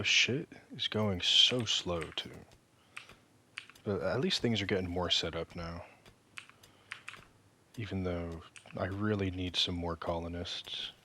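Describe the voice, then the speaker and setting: A man's voice: deep voice, pushed and bright, slight background noise. A man giving casual, rambling gameplay commentary, joking and poking fun at himself, often stopping to restart his sentences. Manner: rambling, joking, self-deprecating; halting, frequent restarts. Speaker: gaming video creator.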